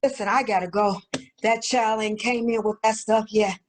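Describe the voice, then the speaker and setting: A woman voicing a sassy young woman looter in a comedic skit, boastful and slangy with drawn-out exclamations. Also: fairly high pitch, steady tone, lightly acted, low-quality recording. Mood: gossipy.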